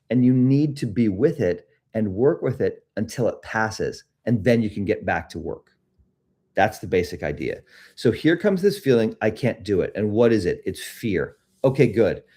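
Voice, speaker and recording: Low mellow man guiding a meditation. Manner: reflective, self-disclosing, gently guiding. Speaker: host of a live self-help stream. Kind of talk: casual talk leading a guided meditation.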